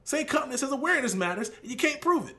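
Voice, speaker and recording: A man arguing heatedly in a casual podcast debate, getting loud and animated. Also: extremely high pitch, very fast. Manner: animated, raises voice when arguing. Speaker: podcast co-host.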